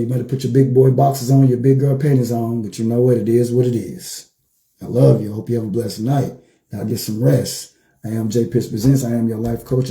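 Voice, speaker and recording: Dark-voiced man coaching in an echoey room. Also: medium pitch. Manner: animated storytelling, repeats his phrases for emphasis. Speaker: life coach. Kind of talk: motivational livestream talk.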